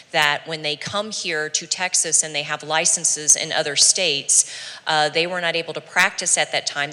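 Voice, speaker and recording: A woman's voice: low voice, sharp tone. A woman from the chamber of commerce giving a matter-of-fact legislative update, with frequent fillers, in a reverberant council chamber. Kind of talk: public update at a council meeting.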